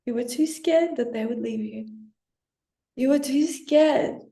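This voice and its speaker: A woman's voice: high-pitched, unhurried, gravelly, dark tone. Passionate, blunt woman coach in an echoey room. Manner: passionate, blunt, swears freely. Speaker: self-help coach. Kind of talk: direct-to-camera motivational talk.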